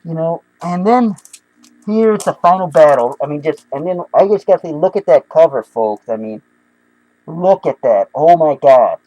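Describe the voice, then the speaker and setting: A young man casually reviewing comic books, excitable and rambling with many restarts. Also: a little high, normal speed, dry recording, muffled recording.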